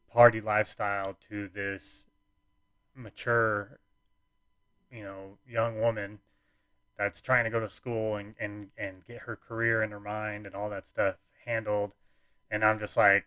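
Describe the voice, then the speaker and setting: A man's voice: on the low side, fairly bright tone, dry recording. A young man hosting a podcast, telling a personal story in a rambling, laid-back way full of fillers and restarts. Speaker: podcast host.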